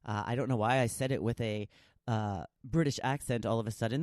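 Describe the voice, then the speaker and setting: A woman's voice: extremely low pitch, fairly even intonation, brisk, a little mellow, no echo, studio quality. A middle-aged woman hosting her own podcast, talking in a chatty, goofy way and laughing between thoughts. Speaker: podcast host. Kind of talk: casual solo podcast monologue.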